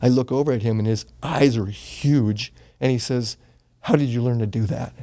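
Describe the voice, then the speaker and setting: A man's voice: mid-range voice, moderate pace, warm tone. A man in his sixties, a guest in an interview, telling a personal story in an earnest, casual way that sometimes turns emotional. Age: 60s. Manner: earnest, gets choked up, swears casually.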